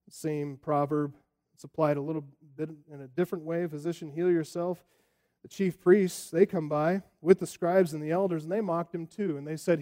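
A man preaching a sermon as pastor, expressive and full of rhetorical questions. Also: a little high, moderate pace.

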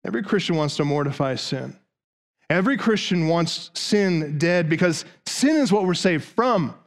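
A man's voice: a little high, expressive, normal speed. A man preaching a sermon, driving his point with long runs of rhetorical questions. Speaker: pastor.

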